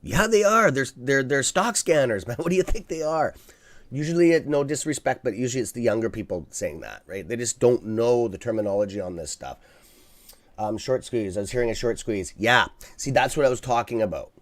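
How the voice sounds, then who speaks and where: A man's voice: medium pitch, lively intonation, a little fast. A man hosting a live stock market stream, talking casually and bluntly to his viewers, swearing freely and checking in with "okay?" as he rambles through restarts. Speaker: livestream stock trading host.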